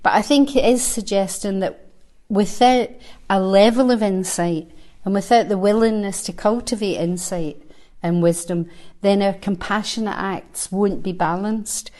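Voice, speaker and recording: A woman in her sixties gives a dharma talk to a room of listeners at a Buddhist centre. Her voice sits at an ordinary middle pitch. She speaks conversationally and thinks out loud, with light self-deprecating humor between the verses she reads. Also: measured pace. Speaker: Buddhist teacher. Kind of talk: dharma talk to a live group.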